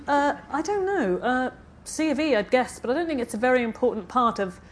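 A woman's voice: high voice, lively intonation, fairly quick, a little hiss or hum, pitched above the performer's own voice. A woman voicing a flustered, defensive young man facing his parents, reading aloud. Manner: hesitant, defensive.

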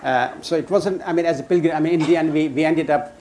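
A man's voice: on the high side, fairly even intonation, a little mellow, slight background noise. Older man telling a story, chuckling. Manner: chuckling, halting with many restarts. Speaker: storyteller guest. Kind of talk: casual anecdote telling.

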